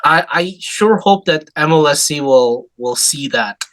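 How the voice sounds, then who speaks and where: A man's voice: a little high, animated, a little slow, fairly bright tone, dry recording. Hesitant man co-hosting a sports show. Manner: hesitant, restarting phrases and repeating words. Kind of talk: sports talk show chat.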